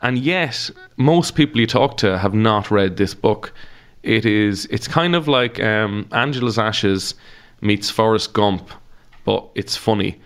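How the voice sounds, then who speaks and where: Irish man, comedian guest, lowish voice, chatty storyteller, casual podcast chat. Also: animated, slow, fairly bright tone, clear, resonant tone. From Ireland. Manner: chatty, laughing storyteller, sweary.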